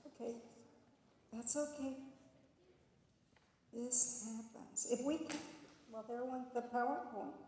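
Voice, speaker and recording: A high-voiced woman speaks at a school assembly, leading the audience through playful step-by-step instructions. Her voice rings through a large auditorium with heavy echo and a long hall tail. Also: takes it slowly, long pauses, a little hiss or hum. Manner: animated, coaching the audience with instructions. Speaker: guest author speaking to students. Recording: echoey auditorium, far from mic.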